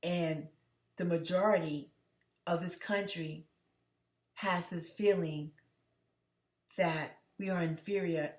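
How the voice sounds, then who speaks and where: A woman's voice: sits low, a little mellow. A woman host from the United States talks straight to her viewers in an earnest, emotional way, often stopping and restarting her sentences. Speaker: channel host. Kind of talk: direct-to-camera commentary vlog. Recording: echoey room.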